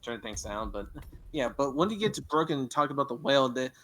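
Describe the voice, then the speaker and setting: A man's voice: mid-range voice, animated, fast talker, fairly bright tone. A man chatting casually while playing a game on a stream, rambling from tangent to tangent with many restarts. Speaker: gamer on a stream. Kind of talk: casual chat while gaming.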